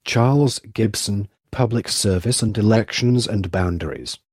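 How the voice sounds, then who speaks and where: A man giving a flat, formal scripted reading of names and government titles. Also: lowish voice, measured pace, dry recording, studio quality.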